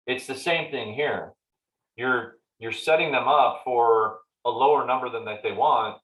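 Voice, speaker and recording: A man's voice: mid-range voice, measured pace, lo-fi sound. Man giving a casual real estate training talk. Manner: conversational, acts out client dialogues in animated voices. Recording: roomy echoey meeting room.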